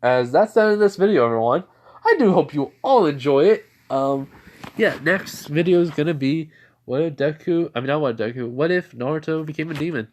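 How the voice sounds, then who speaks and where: A man's voice: a little high, lively intonation, fairly quick, a little mellow. A man narrating an improvised fan story in a rambling way, full of fillers and restarts.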